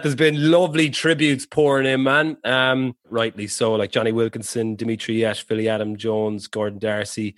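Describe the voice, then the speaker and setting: A man's voice: lowish voice, fairly bright tone, no room sound, clean studio sound. A man, co-hosting a podcast and talking in an enthusiastic, casual way. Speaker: podcast co-host. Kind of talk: casual chat.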